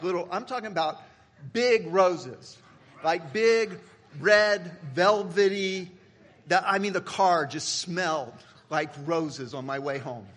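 A man in his fifties, a pastor preaching a sermon with humorous stories, swinging between loud punchlines and hushed reflection. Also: high-pitched.

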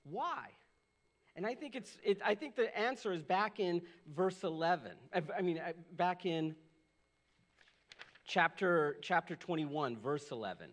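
Animated male pastor preaching. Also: unhurried. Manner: animated, shifts from loud bursts to hushed lows. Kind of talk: sermon.

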